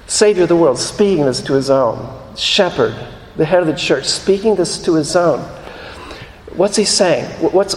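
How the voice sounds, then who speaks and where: Male pastor with a high voice, earnest sermon delivery, roomy church echo. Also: a little mellow. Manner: earnest, repeats phrases for emphasis, slows on key lines. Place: church sanctuary. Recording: echoey hall.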